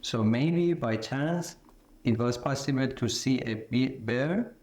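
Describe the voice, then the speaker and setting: A man's voice: mid-range voice, slow, darkish tone. Hesitant man speaking in an echoey room. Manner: hesitant, searching for words with fillers. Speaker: student. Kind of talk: classroom discussion.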